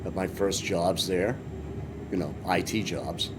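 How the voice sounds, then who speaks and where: A low-pitched man from Massachusetts speaks steadily and a little slowly while streaming a farming game. His casual commentary rambles along with joking asides, and a game vehicle's engine hums in the background.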